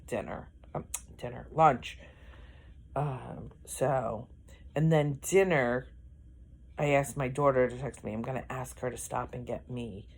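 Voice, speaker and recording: A woman's voice: a bass voice, breathy edge. A middle-aged woman, chatting casually in a vlog, rambling and correcting herself as she goes, yawning often. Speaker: vlogger.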